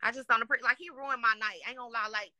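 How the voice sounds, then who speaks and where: Woman from Dallas, high bright voice, rapid profane rant, dry close sound. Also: fairly even intonation, dry recording. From Dallas, Texas. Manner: profane, heated, repeats "you know what I'm saying". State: upset. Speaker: guest complaining on a live show. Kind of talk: angry rant.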